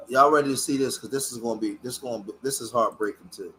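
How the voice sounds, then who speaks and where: A man's voice: mid-range voice, fast, few pauses, a bit bright, slight background noise. A man from Philadelphia giving a passionate, preachy reaction commentary, swearing as he talks. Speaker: online commentator.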